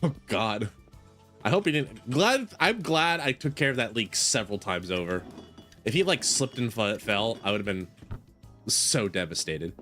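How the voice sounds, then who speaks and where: A man's voice: fairly low pitch, lively intonation, measured pace, sharp tone, soft background music. A man streaming a shop simulator game, chatting casually in a rambling way, full of fillers. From United States. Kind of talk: casual gaming commentary.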